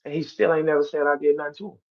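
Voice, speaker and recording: A man speaking to his stream audience in a heated, animated monologue, repeating himself and swinging between loud outbursts and quiet asides. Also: a little high, very fast, lo-fi sound. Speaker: battle rapper on a stream.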